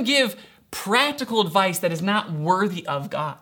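A man's voice: sits high, big pitch swings, measured pace, sharp tone. A young man preaching a sermon as a pastor, talking conversationally with lots of fillers and acting out little stories. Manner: conversational, many fillers like "right" and "kinda"; acts out quoted voices in storytelling.

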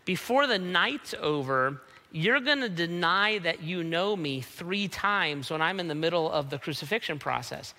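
A man playing Jesus gently correcting a boastful follower, in his own speaking voice. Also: on the high side, expressive, normal speed, few pauses, long reverb tail. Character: calm, gently doubtful Jesus, a grown man.

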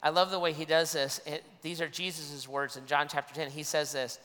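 A man's voice: a little high, flat delivery, brisk, pushed and bright, in a large hall. A man preaching a sermon as a pastor, earnest, often restarting and repeating his phrases.

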